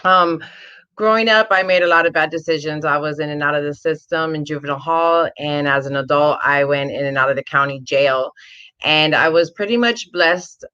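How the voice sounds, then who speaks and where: A woman's voice: sits low, moderate pace, pushed and bright, clear, resonant tone. Candid woman case manager, lo-fi. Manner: candid, direct. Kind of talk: personal story in a talk. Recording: dull lo-fi sound from off mic.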